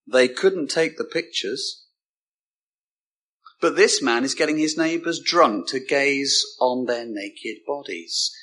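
A man preaching a sermon, emphatic, with dramatic pauses and repeated words. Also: mid-range voice, bright, forceful tone.

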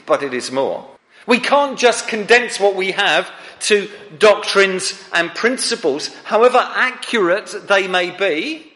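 A man's voice: high voice, sharp tone, long reverb tail. A man preaching a sermon to his church, earnest and pressing the listeners with direct questions.

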